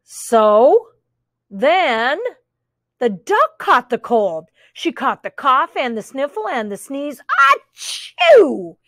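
A woman reading a picture book aloud to children, animated, with chatty asides and playful sound effects. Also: high voice, takes it slowly, no echo, clean studio sound. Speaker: storybook reader.

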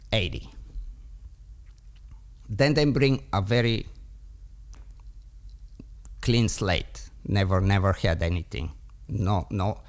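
A man who trains dogs, debating on a podcast and explaining a point by telling a story, voicing the thoughts of its characters along the way. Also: mid-range voice. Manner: explanatory, tells stories with voiced inner thoughts.

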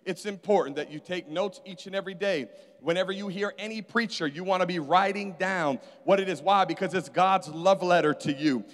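A man's voice: sits high, brisk, a bit bright. A man preaching a sermon as pastor, calling out to his congregation for responses. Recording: hall reverb.

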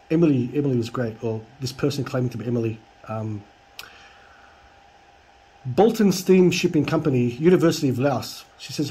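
Man, husky voice, slightly high, sarcastic deadpan storyteller, reads chat messages aloud, mimics the other side. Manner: mimics the scammers' lines in a higher voice. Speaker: youtuber.

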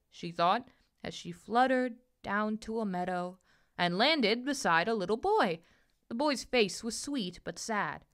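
A woman reading a children's storybook aloud with gentle, expressive narration. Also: mid-range voice, moderate pace.

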